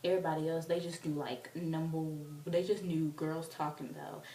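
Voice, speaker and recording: Young woman vlogger, lowish voice, excitable chatty storyteller, recorded roomy and a bit off-mic. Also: moderate pace, far from the mic, a little hiss or hum. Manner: excitable, chatty, full of fillers. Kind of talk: casual storytelling.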